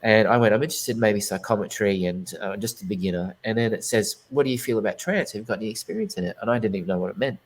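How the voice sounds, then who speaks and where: Guy w a lowish voice, psychic medium guest, rambly earnest storytelling, lots of restarts. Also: rapid-fire, hardly any pauses, rough recording. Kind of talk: casual interview storytelling.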